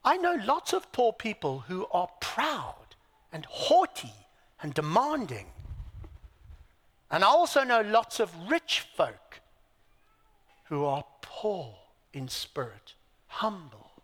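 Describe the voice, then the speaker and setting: A man's voice: sits high, wildly swooping pitch, slow pace, long pauses, fairly bright tone, big-room sound. A man preaching a sermon, emphatic, asking his listeners rhetorical questions, with dry self-deprecating asides. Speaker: pastor.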